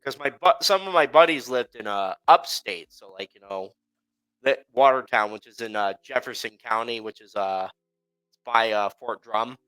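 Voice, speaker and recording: A man's voice: medium pitch, normal speed, pushed and bright, clear, resonant tone, low-quality recording. A man co-hosting a casual chat, telling a travel story with lots of fillers and laughter. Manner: rambling, filler-heavy, laughs while telling. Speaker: podcast co-host.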